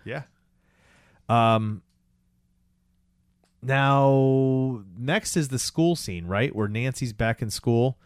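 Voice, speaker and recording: A man's voice: mid-range voice, extremely slow, pauses often, smooth, no room sound, clean studio sound. A man co-hosting a podcast, casually retelling a film scene by scene, often asking "right?". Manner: animated retelling, acts out quotes, says "right?" and "dude". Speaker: podcast co-host.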